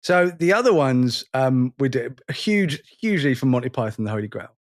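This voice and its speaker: A man's voice: medium pitch, expressive, fairly quick. A man in his forties co-hosting a podcast, chatting casually and rambling in a self-mocking way, often restarting his sentences. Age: 40s. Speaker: podcast co-host. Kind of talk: casual chat.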